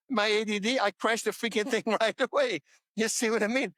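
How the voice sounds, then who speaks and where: A man in his sixties, a podcast guest, telling stories in an animated, emphatic way. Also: sits high, brisk, no room sound. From Netherlands. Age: 60s. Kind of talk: casual chat.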